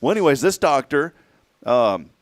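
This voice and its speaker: A man in his forties telling a personal story in casual talk-show chat, animated and acting out what others said. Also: medium pitch, normal speed, no echo, studio quality. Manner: animated storyteller who acts out quoted speech.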